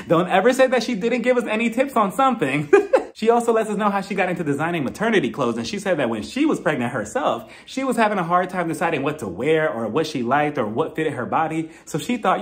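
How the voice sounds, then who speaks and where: This is a man reviewing a reality show to his viewers in a loose, conversational way. His voice sits a bit high and swings widely, shooting up when he acts out his own disbelief, and he often breaks into laughter at his own asides. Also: a little fast. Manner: chatty, animated, laughs at his own jokes; jumps into high-pitched exclamations when mimicking reactions. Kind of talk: casual solo commentary.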